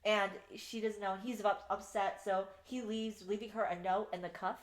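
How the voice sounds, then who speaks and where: A young woman co-hosting a casual book review podcast, retelling scenes in an animated way, swearing freely and laughing at her favorite parts. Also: medium pitch, moderate pace. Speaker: podcast co-host. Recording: echoey room.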